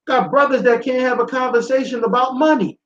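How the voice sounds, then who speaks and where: A man's voice: very high voice, brisk, a bit bright. A man hosting a talk show, delivering a blunt, profane, preachy monologue to his listeners. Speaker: show host. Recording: echoey room, dull sound.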